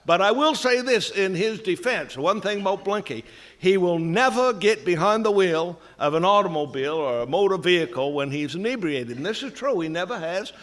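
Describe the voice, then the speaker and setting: A man's voice: high-pitched, lively intonation, moderate pace, a bit bright. A man with a Maine accent telling a comic folk story in a dry, drawling way, full of local sayings. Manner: dry, folksy, drawling delivery. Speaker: humorist storyteller.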